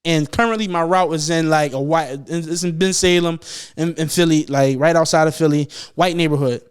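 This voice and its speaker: Smooth high-voiced young man, animated storyteller. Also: moderate pace. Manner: animated, profane storytelling with slang. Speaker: podcast host. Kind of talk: casual podcast chat.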